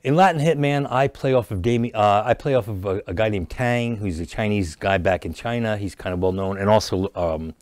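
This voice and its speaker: Fast-talking joking male guest. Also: on the low side. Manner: animated storyteller who jokes and restarts lines. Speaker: actor and comedian guest. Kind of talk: casual interview chat. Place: studio.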